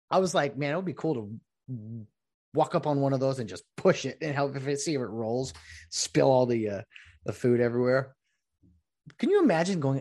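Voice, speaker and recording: A man's voice: mid-range voice, fairly quick, a little mellow. A middle-aged man in a casual, rambling monologue, full of jokey asides.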